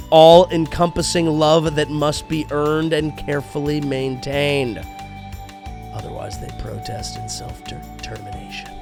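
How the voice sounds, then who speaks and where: A man impersonating a male tech tycoon who reads his own writing in a slow, deadpan, clinical monotone. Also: a little high, natural voice.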